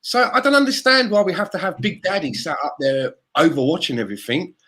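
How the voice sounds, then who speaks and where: A man in the middle of a heated, expletive-filled podcast rant, his voice sitting fairly high. He keeps the tone conversational and blunt as he argues his point. It is loose, unscripted chat between friends. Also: very animated, a little fast, bright, forceful tone. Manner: heated, sweary ranting. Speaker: podcast co-host.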